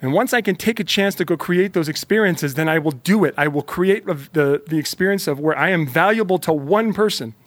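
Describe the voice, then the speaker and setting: A man's voice: on the high side, brisk, few pauses, no echo. A man giving an emphatic motivational talk straight to the listener, repeating phrases to build energy. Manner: emphatic, repetitive, fired-up; talks directly to the listener. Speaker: motivational speaker. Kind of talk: motivational monologue.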